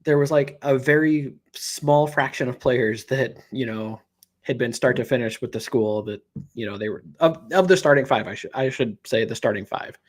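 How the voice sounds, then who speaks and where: A man co-hosting a laid-back sports podcast, thinking aloud as he talks and leaning on fillers. His pitch is middle for a man, and the delivery is conversational. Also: moderate pace. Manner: rambling, many fillers like "you know". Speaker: podcast co-host. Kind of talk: casual sports chat.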